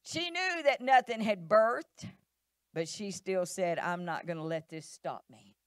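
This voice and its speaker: A woman's voice: mid-range voice, lively intonation, unhurried, no room sound, studio quality. A middle-aged woman pastor, preaching animatedly in church and acting out voices. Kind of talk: sermon.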